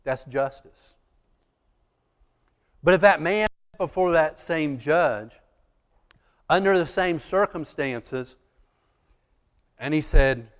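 A man preaching a sermon, telling a story and acting out the judge and the accused, building to loud, emphatic peaks. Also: fairly high pitch, slow, long pauses, in a large hall.

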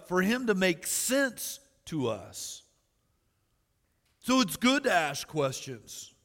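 A man's voice: sits high, sharp tone. Earnest preaching man in a reverberant hall. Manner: earnest preaching with rising emphasis and asides to the congregation. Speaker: pastor. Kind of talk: sermon.

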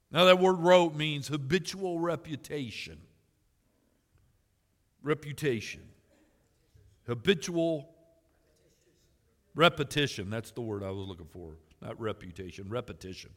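A man's voice: high-pitched, a bit bright, big-room sound. A man preaching a sermon as pastor, earnest, building emphasis and joking asides to the congregation.

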